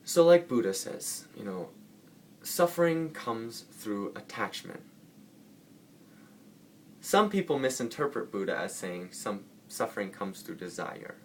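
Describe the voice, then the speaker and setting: A man's voice: on the low side, very animated, measured pace, slight background noise. Rambling man musing on spiritual ideas. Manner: rambling, self-correcting, playful. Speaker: vlogger. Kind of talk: casual spiritual talk to camera.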